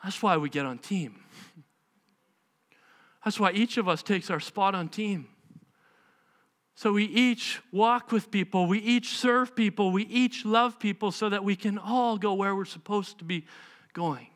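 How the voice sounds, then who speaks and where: A male pastor preaching a sermon in a church, emphatic and animated, firing off rhetorical questions. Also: high voice, unhurried, long pauses. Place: church sanctuary.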